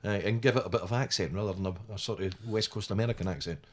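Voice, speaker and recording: A man's voice: on the low side, very fast. A man hosting a radio interview in a chatty, upbeat presenter voice. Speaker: radio host.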